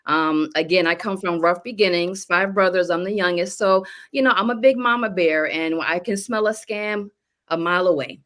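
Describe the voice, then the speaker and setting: A middle-aged woman speaks slowly and earnestly, clearly moved as she shares her story with a panel. Her voice sits fairly low. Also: a bit bright. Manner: emotional, slow and earnest. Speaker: business testimonial speaker. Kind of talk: personal testimony on a panel.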